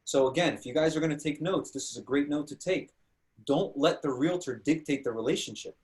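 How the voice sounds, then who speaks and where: A man's voice: a little high, brisk. A man hosting a panel discussion, telling stories with energy and acting out quoted dialogue. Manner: animated storytelling, acts out quoted dialogue. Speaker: host.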